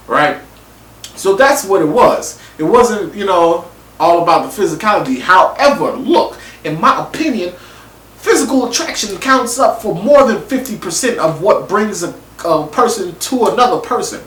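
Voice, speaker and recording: Animated man reviewing in an echoey room. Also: high-pitched, moderate pace. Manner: animated, acts out reactions, casual slangy talk. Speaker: TV show reviewer. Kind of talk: casual opinion monologue. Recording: echoey room, mic at a distance.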